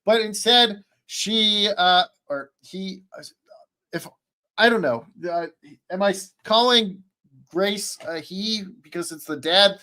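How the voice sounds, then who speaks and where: A man on a streamed podcast call, recapping an anime in a rambling, excitable way, full of fillers and restarts. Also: sits high, takes it slowly. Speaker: podcast panelist. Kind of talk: casual chat, recapping an anime.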